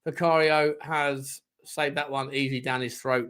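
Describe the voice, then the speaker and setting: A man hosting a live football watchalong, reacting to the match in excitable, sweary commentary and shouting at the referee. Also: mid-range voice, measured pace, clear, resonant tone.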